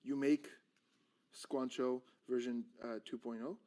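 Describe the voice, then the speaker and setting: A man's voice: mid-range voice, measured pace. Male magician, mid-range voice, casual instructor who breaks into mock-exasperated patter. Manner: animated, acts out exasperated patter with a drawn stick figure. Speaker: magician teaching a card trick. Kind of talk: casual teaching chat.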